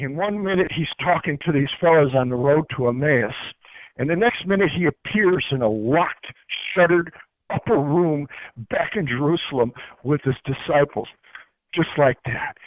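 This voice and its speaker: A man's voice: fairly high pitch, no echo. A man as a guest, teaching spiritual ideas in an earnest, preachy way, often repeating words as he searches for them, heard over a phone line. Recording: tinny dry phone line.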